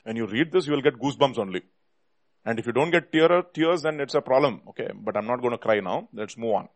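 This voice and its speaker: A man preaching a sermon, reading scripture and hymn verses with rising, swelling emphasis and dropping to quiet asides to his listeners. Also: mid-range voice, animated, quick pace. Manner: addresses listeners as "my dear brothers".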